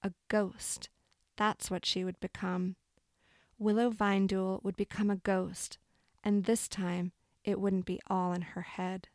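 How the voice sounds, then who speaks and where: A woman narrating a novel in a measured, expressive storytelling voice. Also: medium pitch, dry recording, clean studio sound. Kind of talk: audiobook narration.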